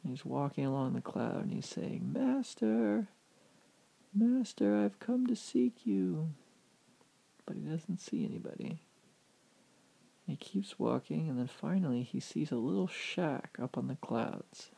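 A man telling a fanciful story aloud with animated, vivid narration. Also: medium pitch, normal speed, creaky, breathy edge. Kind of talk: oral storytelling.

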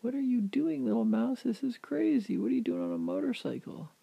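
A man voicing a startled young man on an adventure, with excited, incredulous exclamations in a told story. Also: medium pitch, moderate pace, vocal fry, slightly rough, lo-fi sound, full character voice. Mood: astonished.

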